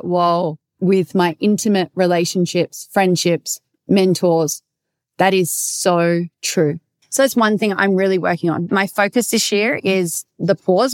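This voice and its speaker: A woman's voice: mid-range voice, no room sound. A woman coach talking alone on her podcast in a direct, emphatic way, swearing casually as she reflects. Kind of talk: solo podcast monologue.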